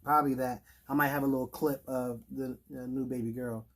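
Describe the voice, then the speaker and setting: A man's voice: medium pitch, level tone, fairly quick. A man co-hosting a casual chat, talking in a loose, rambling way with many fillers and restarts. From Washington, D.C. area. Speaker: podcast co-host.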